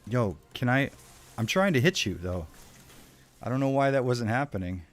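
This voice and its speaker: A man's voice: mid-range voice, moderate pace, faint music behind. A young man streaming a horror game, swearing and trash-talking the enemies as he plays. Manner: profane, excitable, jokey trash talk at the game. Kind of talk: live gameplay commentary.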